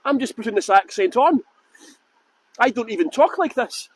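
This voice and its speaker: A man's voice: extremely high pitch, lively intonation, moderate pace. A man with a Scottish accent hosting a live walking tour outdoors by a fountain, chatting casually and making flippant jokes. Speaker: tour guide. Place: outdoors by a fountain in a windy city square.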